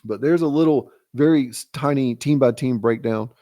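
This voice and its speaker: A man's voice: mid-range voice, moderate pace, mellow, dry recording, clean studio sound. A man in his late thirties giving a casual, joking fantasy league recap, teasing his friends and mocking himself. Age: late 30s. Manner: teasing, self-mocking, mock-exasperated rants.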